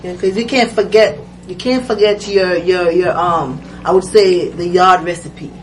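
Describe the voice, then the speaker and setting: A woman chef with a Jamaican accent, talking in a relaxed, halting way with many fillers in a casual interview. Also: lowish voice. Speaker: chef and guest. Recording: distant mic with noisy background.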